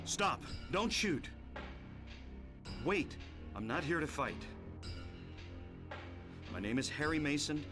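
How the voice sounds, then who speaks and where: A man's voice: on the high side, sing-song, takes it slowly, long pauses. An actor playing a wary young father lost in a strange town, in a game cutscene. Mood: tense. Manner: tense, cautious. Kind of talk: video game cutscene voice acting. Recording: music-backed game audio played from far off.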